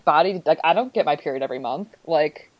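A young woman with a somewhat low voice, chatting on a podcast. She tells loose, meandering stories with a filler word at nearly every turn. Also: fast, highs cut off. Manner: filler-heavy, loose storytelling. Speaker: podcast co-host. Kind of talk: casual group chat.

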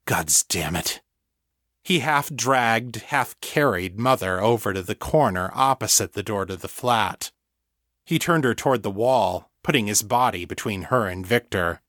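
A man narrating an audiobook in a measured, deliberate storytelling manner. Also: lowish voice, a bit bright, no room sound, studio quality. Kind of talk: scripted narration.

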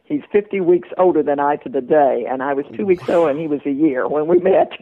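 An older woman with a Southern accent, a guest author in a casual podcast interview, witty and quick to chuckle. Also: sits low, very animated. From southern Appalachia, US. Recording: tinny phone line.

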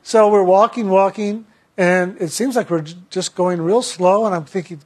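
A man telling a personal story in a chatty, halting way, often repeating words. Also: sits high.

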